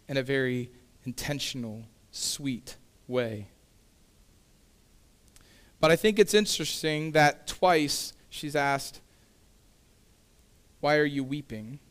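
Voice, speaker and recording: Smooth-voiced man preaching casually. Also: mid-range voice, slow pace, long pauses, a bit bright. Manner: conversational preaching with casual asides. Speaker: pastor. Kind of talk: sermon.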